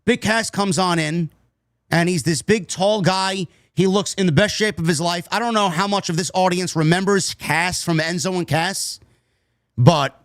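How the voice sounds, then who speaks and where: A man's voice: sits high, no echo, clean studio sound. A man reviewing a wrestling show in a casual, rambling way, swearing freely and drifting into tangents. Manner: profane, nostalgic, tangent-prone.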